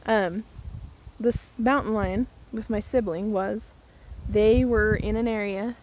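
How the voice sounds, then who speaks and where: A woman's voice: mid-range voice, steady tone, slow, a little mellow, slight background noise, poor audio. A woman vlogger casually telling a funny story to the camera, outdoors in her garden, chatty and laughing as she goes.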